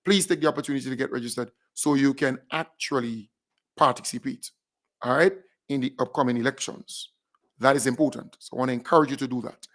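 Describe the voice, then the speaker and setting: Animated Grenadian man giving radio shout-outs. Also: medium pitch, brisk. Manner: animated, repeats phrases, big up shout-outs. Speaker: radio host.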